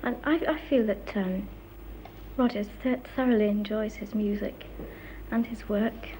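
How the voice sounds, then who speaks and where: A woman's voice: mid-range voice, fairly even intonation, unhurried, dark tone, a little hiss or hum, poor audio. A woman, a musician's wife, speaking hesitantly in a documentary interview.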